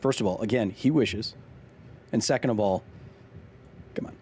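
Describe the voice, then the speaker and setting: A man's voice: lowish voice, moderate pace, mellow, a little hiss or hum. Chatty male streamer reading chat. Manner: chatty, joking, reads chat aloud. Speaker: streamer and host.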